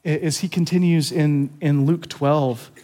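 A man's voice: fairly high pitch, fairly even intonation, measured pace, warm tone. A man pastor giving a sermon in an earnest, confessional way, often repeating words as he stresses a point.

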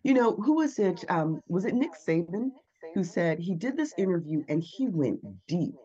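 A man's voice: sits high, big pitch swings, moderate pace, warm tone, dull audio. A man who coaches public speaking, answering interview questions and acting out the inner voices he quotes.

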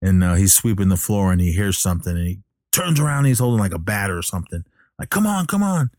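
A man's voice: sits low, fast talker, a little mellow, no echo, clean studio sound. A man casually retelling a movie plot, rambling with lots of fillers. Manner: rambling, filler-heavy storytelling.

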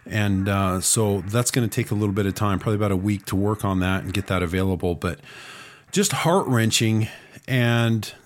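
A man's voice: fairly low pitch, moderate pace. A man recovering from a cold, talking around a lozenge while he hosts a talk radio news and commentary show. He fills his speech with "uh" and throws in sarcastic asides. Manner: sarcastic asides, frequent "uh" fillers.

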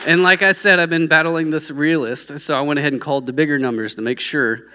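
A man's voice: on the high side, fairly even intonation, fast, crowd noise, background noise. A man animatedly telling a joyful church testimony story. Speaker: church member giving testimony. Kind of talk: spoken testimony at a church service. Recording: church hall reverb with congregation faintly behind.

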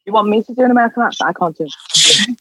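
A woman's voice: mid-range voice, quick pace, sharp tone, breathy edge, dry recording, rough recording. A woman from Liverpool with a Scouse accent, chatting casually as a podcast guest, giggling and swearing freely. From Liverpool, England. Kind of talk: casual chat.

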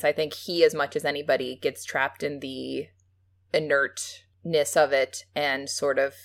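A woman's voice: sits low, moderate pace, a bit bright. A woman co-hosting a podcast, chatting casually and animatedly about a film, often laughing. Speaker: podcast co-host.

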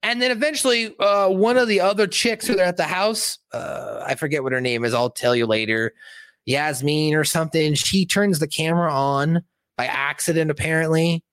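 A man's voice: on the high side, normal speed, fairly bright tone, clean tone, no room sound. A young man reviewing a movie on a casual livestream, rambling and swearing, with many fillers.

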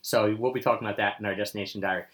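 A man's voice: lowish voice, steady tone, rapid-fire, fairly bright tone. A man co-hosting a casual travel podcast, upbeat, chatting about a trip and reading sponsor plugs. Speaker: podcast co-host.

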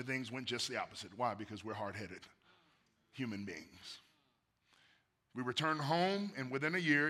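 A pastor, preaching a sermon, swinging from soft murmurs to loud emphatic bursts. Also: male voice, mid-range voice. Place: church sanctuary.

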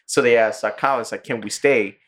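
A man's voice: medium pitch, a little fast, fairly bright tone. A man co-hosting a podcast, casually recapping a cartoon episode, swearing freely and quoting the characters in a raised voice between laughs. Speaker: podcast co-host.

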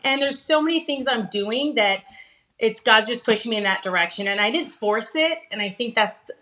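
Middle-aged woman, podcast guest; emphatic, animated storyteller, laughs often, voice on the higher side. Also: moderate pace. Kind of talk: conversational storytelling interview.

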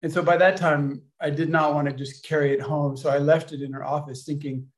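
A man telling a personal story casually, rambling and halting with many restarts. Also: a little high, flat delivery. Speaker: storyteller at a gathering.

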